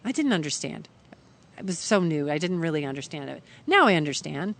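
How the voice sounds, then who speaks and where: A woman's voice: low-pitched, a little fast, vocal fry, a little hiss or hum. A middle-aged woman from Kentucky, a podcast guest telling a story and acting out the lines of the people in it. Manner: animated, acts out others' lines when quoting them. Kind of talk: storytelling in casual conversation.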